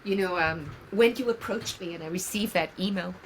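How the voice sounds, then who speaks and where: A woman's voice: on the low side, fairly quick, slight background noise, low-quality recording. A woman in her sixties from New York, a yoga teacher talking as an interview guest in an earnest, musing way, often repeating key phrases. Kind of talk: reflective conversational interview.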